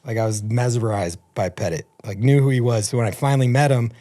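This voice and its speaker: A man in his fifties, a podcast guest, tells loose, rambling stories with plenty of swearing. His voice sits at a middle pitch. The talk is relaxed and conversational. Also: quick pace. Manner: profane, rambling anecdotes. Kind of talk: casual storytelling.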